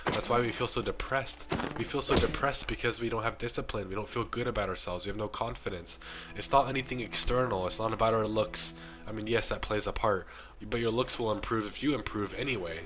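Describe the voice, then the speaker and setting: A young man with a rough, strained voice from the flu, giving an impassioned self-improvement monologue to camera. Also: on the low side, fairly quick, music in the background. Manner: preachy, impassioned. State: sick, losing his voice.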